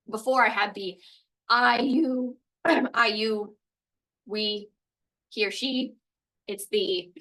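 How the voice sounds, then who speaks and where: Woman language teacher, explanatory step-by-step delivery, bright tone, a bit high, somewhat off-mic. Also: far from the mic, rough recording. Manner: explanatory, walks through examples step by step. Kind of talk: recorded language lesson.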